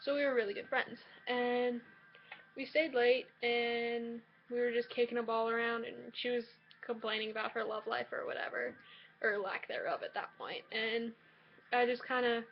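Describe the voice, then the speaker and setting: A young woman with a fairly high voice talks casually to her camera from a shared dorm room, hesitant and full of restarts. The home-video sound is a bit muffled, with a faint hiss underneath. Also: normal speed. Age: young adult. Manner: chatty, hesitant, many likes and restarts. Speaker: college student vlogger. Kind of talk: casual personal storytelling.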